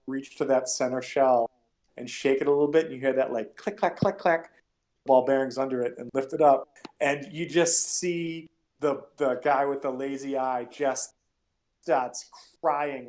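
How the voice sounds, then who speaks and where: A man's voice: medium pitch, fairly even intonation, moderate pace, a little mellow. A man narrating as game master of a tabletop game, chatty and rambling with many fillers.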